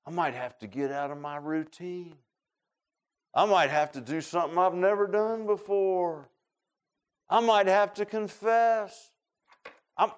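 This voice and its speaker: A man preaching a sermon. He talks in an animated way and keeps asking the congregation short questions. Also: high voice, clear, resonant tone. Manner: animated preaching with call-and-response asides. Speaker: pastor. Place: church sanctuary.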